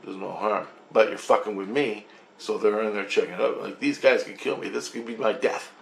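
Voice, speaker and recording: A man's voice: lowish voice, fairly even intonation, a little fast, vocal fry, a little hiss or hum. Man rambling in an echoey room. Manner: rambling, profane, restarts sentences. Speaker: vlogger recounting a dream. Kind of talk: rambling monologue.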